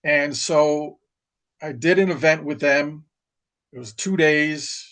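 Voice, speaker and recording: A middle-aged retired Marine from New York, telling stories in casual chat with plenty of fillers and restarts. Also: male voice, on the high side, slow pace, a bit bright. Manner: rambling, many restarts and fillers. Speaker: podcast guest, retired Marine. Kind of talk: casual storytelling.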